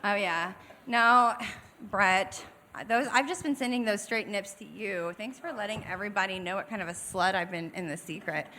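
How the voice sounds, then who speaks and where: A woman's voice: medium pitch, moderate pace, pushed and bright, slight background noise. A young woman doing raunchy stand-up on a comedy club stage, brash and profane, acting out the people in her story.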